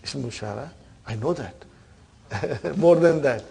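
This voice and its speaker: A man's voice: mid-range voice, animated, measured pace, creaky, crowd noise. A man teaching an Arabic grammar class, quizzing students and repeating terms with frequent checks of "huh?". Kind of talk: classroom lesson.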